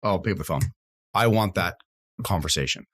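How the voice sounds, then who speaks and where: A man's voice: sits low, fairly quick, fairly bright tone. A man, co-hosting a casual business podcast and acting out his customer calls as he tells stories. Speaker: sign company salesman, co-host.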